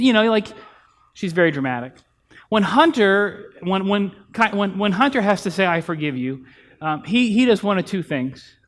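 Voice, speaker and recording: In a church sanctuary, a pastor in his thirties delivers a conversational sermon, sharing family stories and acting out snippets of dialogue. His voice sits high and is expressive, at a normal speed.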